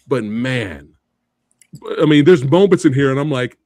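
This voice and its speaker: Middle-aged male co-host, animated and quick to laugh, slightly high voice, dry close sound. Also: dry recording. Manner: animated, laughing often, quoting lines. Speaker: podcast co-host. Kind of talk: casual movie debate chat.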